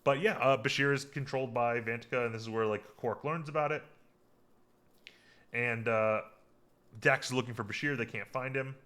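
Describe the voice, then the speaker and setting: A man's voice: medium pitch, steady tone, moderate pace, pauses often, fairly bright tone. A man hosting a podcast, casually recapping a TV episode in a rambling way, full of fillers and restarts. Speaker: podcast host.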